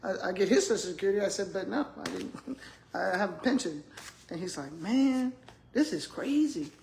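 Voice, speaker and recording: A woman's voice: medium pitch, brisk, vocal fry, slight background noise. An older woman, chatting casually to her viewers, telling stories with lots of laughter. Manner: animated storytelling, laughs often, addresses viewers as y'all. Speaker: retired school principal vlogger.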